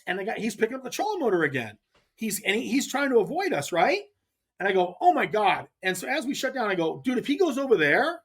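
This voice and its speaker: High-voiced man telling a story. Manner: animated, acts out quoted dialogue; rambling with restarts. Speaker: podcast guest, pro angler. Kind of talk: casual storytelling.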